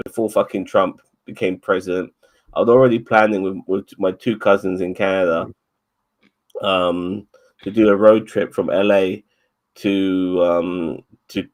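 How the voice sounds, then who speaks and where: Low-voiced rambling man. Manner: rambling, swears a lot, stammers and repeats words. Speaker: podcast co-host. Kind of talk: casual chat.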